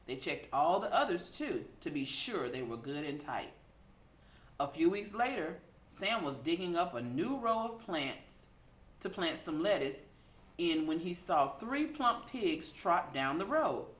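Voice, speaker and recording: A woman reading a children's picture book aloud in an unhurried, expressive way. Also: on the low side. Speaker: storybook reader. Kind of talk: children's read-aloud narration. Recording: echoey room.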